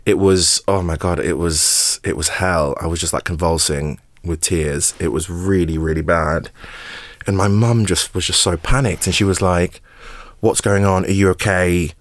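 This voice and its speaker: A man's voice: low-pitched, normal speed, no echo. A man, an actor openly telling a personal story as a podcast guest, emotional and repeating words. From England. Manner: open, emotional, repeats words, laughs through hard memories.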